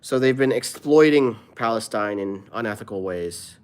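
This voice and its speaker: A man's voice: on the low side, expressive, moderate pace, clean tone. A man who is a comedian, live streaming and answering his viewers' chat in an earnest, opinionated way.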